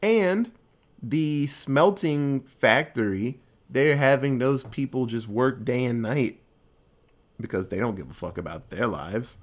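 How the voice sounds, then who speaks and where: A man talking through a movie plot in an easygoing, offhand way. He tells it loosely, packs it with fillers and curses freely. His voice sits at an ordinary middle pitch for a man. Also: slow pace. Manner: loose, animated retelling with many fillers and swearing. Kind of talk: casual movie recap.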